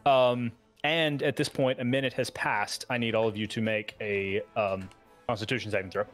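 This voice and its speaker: A man's voice: medium pitch, fairly even intonation, normal speed, soft background music. A man running a tabletop game as dungeon master, talking casually with many fillers and easy laughs. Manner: hesitant, filler-heavy, laughs easily.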